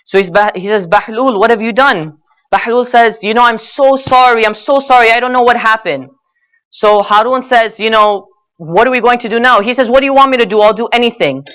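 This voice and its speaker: At a Muharram gathering, a young male speaker preaches earnestly and directly, telling a story with frequent "you know"s and calling his listeners brothers and sisters. His very high-pitched voice is fairly quick and fairly bright.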